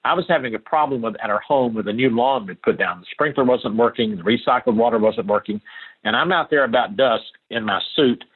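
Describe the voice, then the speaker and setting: A man's voice: medium pitch, a little fast, slightly rough, narrow, tinny audio. An older man from Appalachia, a guest answering interview questions in an earnest, emphatic way that repeats key phrases.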